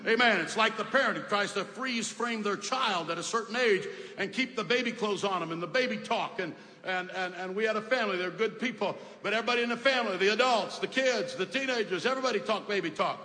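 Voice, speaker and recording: Fiery preacher in echoey hall. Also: male voice, sits high, fast talker. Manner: emphatic, repetitive, swings from shouting to soft asides. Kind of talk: fiery sermon. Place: large hall with congregation. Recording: echoey hall, faint ambience.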